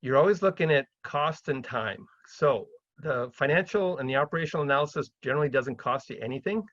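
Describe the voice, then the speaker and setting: A middle-aged man from Canada giving a chatty seminar talk on property deals, often acting out phone calls in a livelier, higher voice. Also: lively intonation, fairly quick, a bit bright, no room sound, dull audio. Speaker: real estate investor speaking at a seminar.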